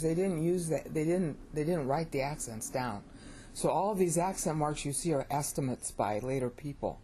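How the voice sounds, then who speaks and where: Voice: medium pitch, warm tone, slightly rough. A speaker with an American accent giving an informal spoken lesson on biblical Greek. They keep checking in with "okay?" and "all right?" and sound out Greek phrases to show the flow.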